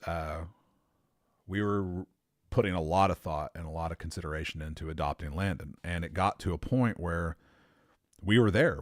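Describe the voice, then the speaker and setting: A podcast host with a very deep, low voice rambles through a personal story, often stopping to correct himself, swearing casually and laughing at his own expense. The sound is dry and close, with no room around it.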